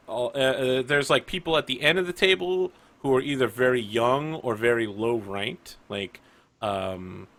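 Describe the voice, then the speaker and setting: A man's voice: medium pitch, creaky, a bit bright. Man loosely narrating a tabletop scene. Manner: loose, searching, full of "like". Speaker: game player narrating a scene.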